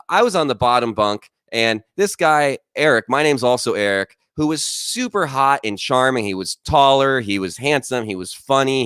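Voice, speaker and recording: Dude doing self-deprecating standup over a video call, smooth clear voice, dry close mic. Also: male voice, lowish voice, a bit bright, dry recording. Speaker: stand-up comedian. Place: quarantine room at home. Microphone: microphone.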